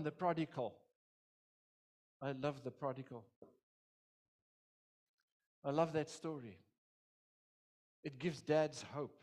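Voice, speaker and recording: A man's voice: on the high side, slow pace, pauses often, a little mellow. A middle-aged man preaching as a pastor, with an impassioned, repetitive delivery that swells and drops. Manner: impassioned, repetitive preaching with dramatic quoted voices. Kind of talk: sermon.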